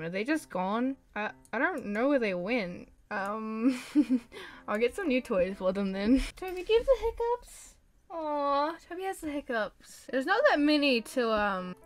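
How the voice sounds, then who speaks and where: A woman giving casual let's-play commentary, chatty and excitable, talking to the pets on screen. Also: a little high. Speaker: gameplay commentator.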